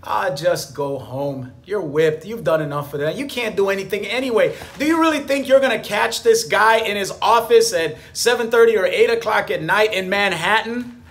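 A man's voice: high-pitched, normal speed, a bit bright. A man voicing his own lazy inner lizard brain, coaxing and dismissive as it urges him to quit and go home.

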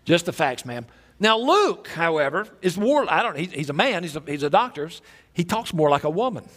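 A man's voice: high voice, big pitch swings, a little fast, a bit bright. A male pastor preaching a sermon in a church, telling stories with energy and many repeats and restarts. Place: church sanctuary.

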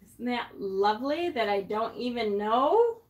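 A woman's voice: a little high, lively intonation, measured pace, darkish tone. A woman from North Carolina hosting a casual live stream, chatting with viewers and teasing them, laughing often. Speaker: witchy livestream host. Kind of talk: casual live-stream chat reading comments.

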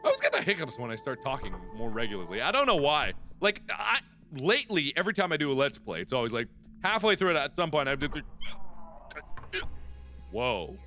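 Excitable high-voiced young gamer guy. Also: fairly quick, faint music behind. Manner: excitable, jokey, talks to himself. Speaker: gaming video host. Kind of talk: casual let's play commentary.

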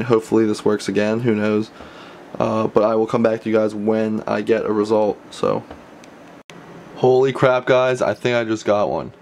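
A young guy talks to his camera from a cluttered bedroom mid-pack, his vlog full of stammers, tangents, and restarts. The voice sits lowish with a darkish tone, against slight background noise.

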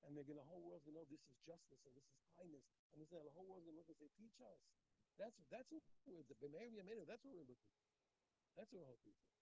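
A man teaching a daily Talmud class, animated and talking in quick restarts, repeating phrases as he works through the text. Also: a little high, gravelly, a little hiss or hum, low-quality recording. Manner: animated, repeats phrases, acts out the text's speakers. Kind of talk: daf yomi Talmud class.

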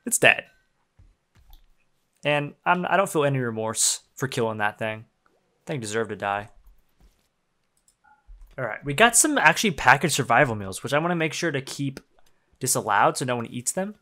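Young male streamer, animated delivery, foul-mouthed, quick to laugh, typing audible. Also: mid-range voice. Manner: profane, excitable, laughs often. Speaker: game streamer. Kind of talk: casual gameplay commentary.

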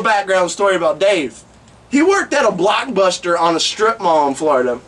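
Profane, animated male storyteller. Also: sits high, normal speed, distant mic. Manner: profane, animated, acts out the people in his stories. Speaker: vlogger. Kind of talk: comic storytelling.

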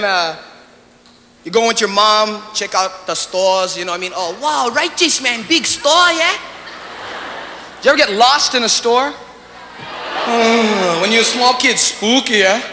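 A male standup comedian with a Hawaiian Pidgin accent performs in a very high, bright, forceful voice at normal speed. He's chatty and keeps asking the audience "you know?" The live stage recording carries reverb and noise.

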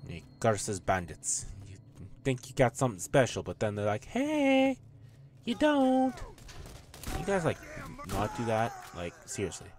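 A man's voice: fairly low pitch, animated, moderate pace, a little hiss or hum. A man playing a video game and joking through it, swearing and talking back at the characters. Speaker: gamer. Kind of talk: let's play commentary.

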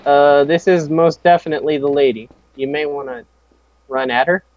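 A man's voice: fairly high pitch, moderate pace, a little mellow, dry recording. Sarcastic young man swearing through a game. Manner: sarcastic, swears a lot, jokey. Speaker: gamer, channel host. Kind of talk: casual let's-play banter. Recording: dull lo-fi mic with faint game music.

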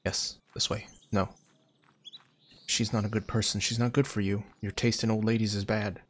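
A man's voice: on the low side, little pitch movement, moderate pace, a little hiss or hum. A man hosting a gaming channel, giving joking, sarcastic commentary while he plays. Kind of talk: let's-play commentary.

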